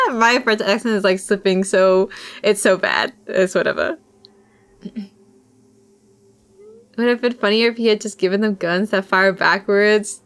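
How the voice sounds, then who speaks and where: A woman's voice: mid-range voice, steady tone, unhurried, long pauses, clear, resonant tone. A young woman streamer reading a visual novel aloud, with casual, self-deprecating asides.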